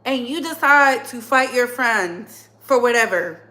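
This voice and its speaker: A woman with a high, bright voice delivers a heated commentary monologue. She speaks bluntly and hammers her points home by repeating phrases. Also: animated, a little slow. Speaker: commentary channel host.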